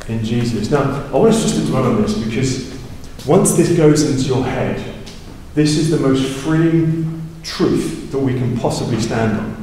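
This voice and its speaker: A man with a mellow, warm voice preaches a sermon, explaining scripture conversationally and checking in with "right?". He is picked up from a distance in a big church hall with a long, roomy echo, and faint ambience sits behind him. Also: a little slow, a little hiss or hum. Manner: rises in pitch and volume for emphasis. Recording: far from the mic in a big echoey hall.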